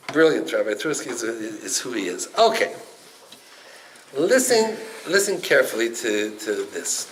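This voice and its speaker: A man, a rabbi, teaching a Torah class, acting out parables and swinging from loud exclaiming to near-whispers. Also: mid-range voice, sing-song, moderate pace, slight background noise, low-quality recording. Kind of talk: animated Torah class storytelling.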